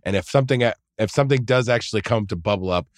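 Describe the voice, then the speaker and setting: A man's voice: lowish voice, fast, no echo, clean studio sound. A man casually telling a long, profane story, full of fillers and restarts. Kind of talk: casual chat.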